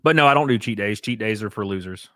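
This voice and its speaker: A man's voice: lowish voice, expressive, quick pace, sharp tone, no room sound, studio quality. Blunt, profane man streaming. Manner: reads and answers chat donations. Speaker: livestream host. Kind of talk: casual livestream chat.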